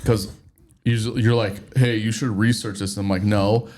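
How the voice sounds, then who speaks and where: Relaxed man hosting a podcast. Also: fairly low pitch, normal speed. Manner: loose, rambling, self-correcting. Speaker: podcast host. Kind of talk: casual chat.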